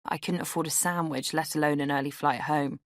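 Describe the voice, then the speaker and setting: A woman's voice: deep voice, fairly even intonation, fast talker, dry recording, clean studio sound. A young woman reading her own memoir aloud in a wry, candid storytelling manner. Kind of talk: audiobook memoir narration. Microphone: studio microphone.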